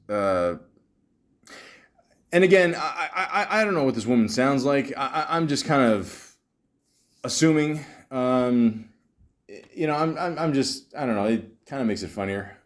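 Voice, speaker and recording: A man's voice: medium pitch, animated, measured pace, long pauses. A man hosting a comedy podcast, ranting in exasperation and stammering often. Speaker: podcast host. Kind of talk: comedic commentary.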